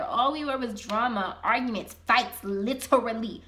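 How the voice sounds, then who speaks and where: A young woman vlogger telling a personal story in a casual, animated, slangy way. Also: a little high, a little slow, few pauses, background noise.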